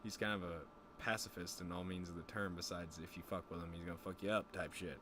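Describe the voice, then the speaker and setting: A young man with a fairly low voice tells a long rambling story, swearing often and acting out the people he quotes. Faint background noise runs under his casual streaming chat. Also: quick pace. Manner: rambling, profane, animated quoting.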